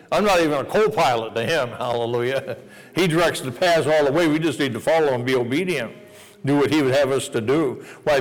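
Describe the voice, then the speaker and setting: A preacher man at a revival meeting, spinning a folksy personal story and pressing the crowd with "amen?". His voice sits a little high. It rings out with a long church-hall reverb.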